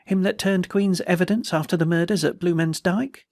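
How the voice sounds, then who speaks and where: A man's voice: high voice, steady tone, moderate pace, a little mellow, no echo, studio quality, voice pushed up. A man voicing a persistent, confiding middle-aged prison head warder with informal, chatty speech.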